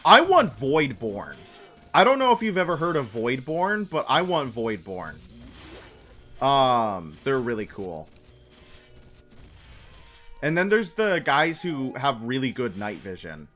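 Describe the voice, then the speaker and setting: Excitable rambling male game streamer. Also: mid-range voice. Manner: rambling, excitable, quick asides. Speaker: gaming streamer. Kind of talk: casual gameplay chat.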